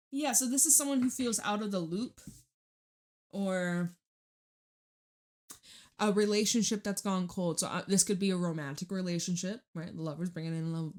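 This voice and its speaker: A woman's voice: on the low side, a little mellow. A young woman giving a casual tarot reading, rambling and laughing, swearing freely as she talks. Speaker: tarot reader.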